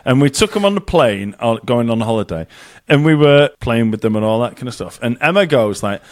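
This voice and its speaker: A man's voice: medium pitch, animated, fairly quick, dry recording, studio quality. A man co-hosting a casual podcast, telling rambling stories over drinks. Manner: rambling storyteller, many fillers and restarts. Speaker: podcast co-host.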